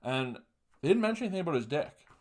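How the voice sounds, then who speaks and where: A man's voice: a little high, big pitch swings, fast talker. A young man hosting a podcast, talking casually in a blunt, profane, mocking way. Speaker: podcast host. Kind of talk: casual monologue.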